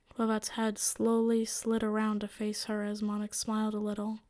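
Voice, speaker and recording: A woman narrating a story in a steady, measured way. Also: mid-range voice. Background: faint music.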